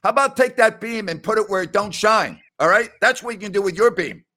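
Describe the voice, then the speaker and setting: A man hosting a sports talk show, ranting loudly and scornfully with heavy emphasis. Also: high-pitched, animated, fairly quick. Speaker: sports radio host.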